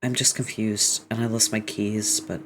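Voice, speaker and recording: A soft, hesitant young neighbor sniffling through a phone call home, as a man reads the part aloud. The voice stays hushed, with a fairly low pitch and a faint hum of room sound behind it. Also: level tone, normal speed, lightly acted. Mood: tearful, hushed. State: sniffling after crying. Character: tearful young neighbor phoning their mother.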